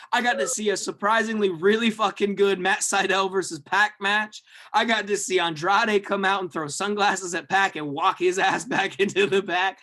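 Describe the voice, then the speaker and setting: A young man co-hosting a podcast, telling a rambling, profane story with lots of fillers and yelled-out quotes. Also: high voice. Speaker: podcast co-host. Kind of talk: excited casual storytelling.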